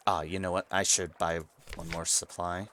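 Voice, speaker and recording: A man's voice: low-pitched, little pitch movement, normal speed, pushed and bright, a little hiss or hum. A man streaming a video game, musing aloud about his choices and reading the game's text to himself in a casual way. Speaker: let's play streamer.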